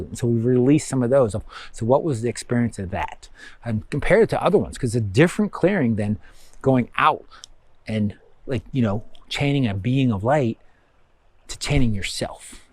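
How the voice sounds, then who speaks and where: A man's voice: mid-range voice, a little mellow, no room sound. Rambling man teaching a course, dry sound. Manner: rambling, many fillers, acts out students' inner thoughts. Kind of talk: casual recorded course talk.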